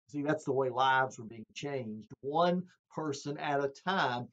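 A man's voice: medium pitch, measured pace, few pauses, fairly bright tone. A male preacher delivering a sermon in an earnest, emphatic way, addressing his listeners as friends. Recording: dull lo-fi sound.

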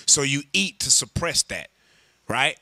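A man teaching a scripture class, animated and joking, calling on others to read. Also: mid-range voice, unhurried, dry recording. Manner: animated, humorous, calls on readers. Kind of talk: sermon.

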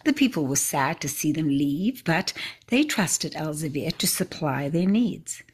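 A woman reading a story aloud at a church service in a measured, expressive way. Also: sits low, slightly rough.

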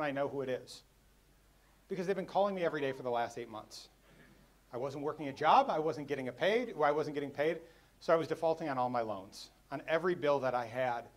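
A middle-aged man tells a personal story to a luncheon audience. His voice sits a little high, and he drops to a near hush when the story turns sad. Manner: emotional, quietens for sad parts. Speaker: keynote speaker at a luncheon. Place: banquet hall.

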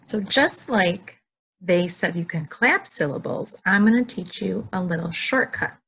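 Woman, children's teacher, home lesson, slightly low voice, very slow sing-song delivery. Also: a bit bright, a little hiss or hum. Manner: slow, drawn-out words with sing-song prompts. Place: living room at home.

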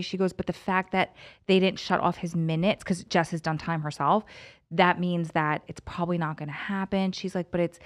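Woman telling an animated story. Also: fairly low pitch. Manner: animated, acts out quoted voices. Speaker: podcast co-host. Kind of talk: storytelling in casual conversation.

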